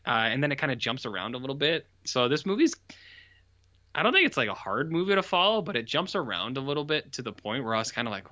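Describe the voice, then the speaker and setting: A man co-hosting a podcast, casually retelling a horror film in a rambling, animated way. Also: medium pitch, fast, dry recording, highs cut off. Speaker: podcast co-host reviewing horror films. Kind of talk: casual chat.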